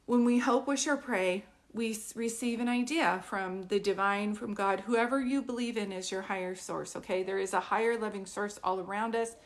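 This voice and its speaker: A woman's voice: medium pitch, normal speed, few pauses. A woman working as a psychic medium, chatting through a live-streamed group reading and often asking whether it makes sense. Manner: chatty, keeps checking "does this make sense".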